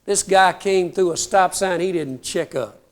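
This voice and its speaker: Older guy, high voice, folksy storyteller, pokes fun at himself. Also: a little slow. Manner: folksy, self-mocking, addresses audience as folks. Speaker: comedian telling trooper stories. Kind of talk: stand-up storytelling.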